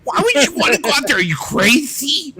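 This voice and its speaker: A man putting on a high, shouted impression of a friend as a chatty voice assistant. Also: very animated, a little fast, over a noisy crowd, exaggerated voice. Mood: exaggerated. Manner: shouted, high-pitched, singsong delivery.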